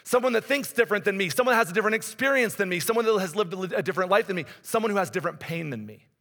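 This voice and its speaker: Bright high-voiced preaching man. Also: animated, racing. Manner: conversational preaching, rises and drops in intensity. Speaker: pastor. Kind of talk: sermon. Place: church. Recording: long hall reverb.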